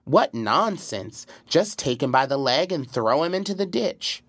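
The voice is an ungrateful young nobleman, as a man acts him out in a storybook reading, dismissive and scornful. The pitch sits a little raised, and the sound is dry and close. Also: very animated, measured pace, fairly bright tone, no room sound, full character voice.

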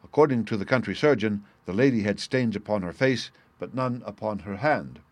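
A man's voice: on the low side, fairly quick, no room sound. Man narrating a story, dry close sound. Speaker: audiobook narrator. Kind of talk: scripted narration.

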